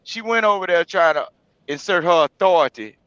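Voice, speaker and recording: A man talking in a casual podcast chat, animated and loud, swearing freely as he tells his take. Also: high voice, fairly quick, clear, resonant tone, no echo. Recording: dull lo-fi mic.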